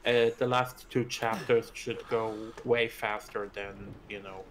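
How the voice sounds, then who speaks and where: A man's voice: mid-range voice, steady tone, unhurried. A man chatting casually over a game stream, swearing and rambling with restarts. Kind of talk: casual gaming chat. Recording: faint background hiss.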